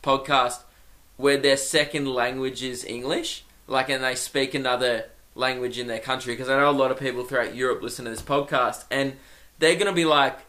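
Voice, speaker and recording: A man's voice: medium pitch, steady tone, moderate pace, pushed and bright. A young man hosting a solo comedy podcast, rambling and self-mocking and laughing at his own jokes.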